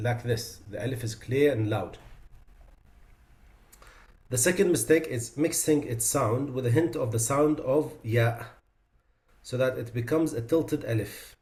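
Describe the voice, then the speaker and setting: A Quran recitation teacher gives a tajweed lesson in a middle-pitched, darkish voice, in an echoey, reverberant room. He explains each mistake plainly, then draws out example words slowly and emphatically to show the difference.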